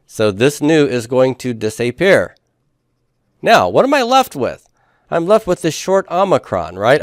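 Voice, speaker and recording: With a mid-range voice captured cleanly in the studio, free of room sound, this male Greek teacher delivers a classroom lecture. He explains step by step, checks in often with "okay?" or "right?", and gets playful now and then with jokes and puns.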